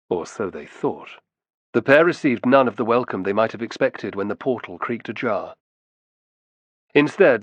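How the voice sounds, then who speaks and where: A man reading an audiobook in a steady, measured storytelling manner on a close studio mic. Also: mid-range voice, no room sound, muffled recording. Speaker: audiobook narrator. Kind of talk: scripted narration.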